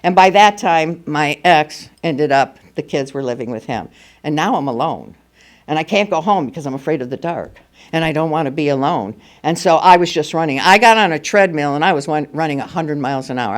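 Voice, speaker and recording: A woman's voice: low-pitched, brisk. An older woman speaking at a recovery meeting, telling her personal story candidly and with humor. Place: meeting room at a school.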